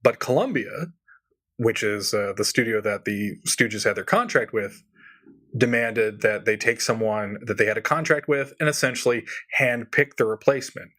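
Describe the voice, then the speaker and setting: A man co-hosting a podcast, chatting casually and animatedly, laughing often with quick asides. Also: lowish voice, a bit bright. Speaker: podcast co-host. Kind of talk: casual chat.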